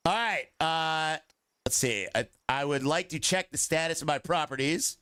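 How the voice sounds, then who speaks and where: Male game streamer, jokey, chats with viewers, lively delivery. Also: on the high side, normal speed, soft background music. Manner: joking, chats with viewers, groans at long dialogue. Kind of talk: casual live gaming commentary.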